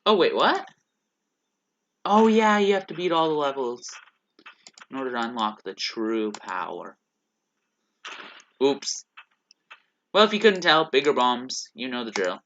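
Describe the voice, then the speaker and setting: Man, gaming commentary, casual, rambling, bright tone, keyboard clicks faint. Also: medium pitch, very animated, measured pace, long pauses, lo-fi sound, a little hiss or hum. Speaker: gaming YouTuber. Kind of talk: let's play commentary.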